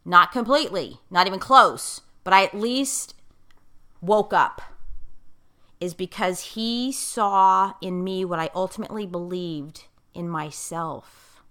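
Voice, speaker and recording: Emphatic, forceful woman coach. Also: lowish voice. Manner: emphatic, repeats key phrases for stress; self-described outspoken, in-your-face talker. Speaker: life coach and speaker. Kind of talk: casual coaching chat.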